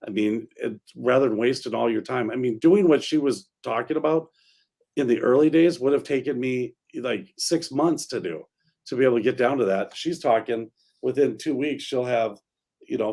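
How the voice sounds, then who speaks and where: A middle-aged man with a gravelly, fry-tinged voice hosts a real estate talk show. He speaks at a mid pitch in a relaxed, searching way, pausing and trailing off between thoughts. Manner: easygoing, hesitant, trailing off. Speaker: real estate radio host. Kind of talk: casual talk radio chat.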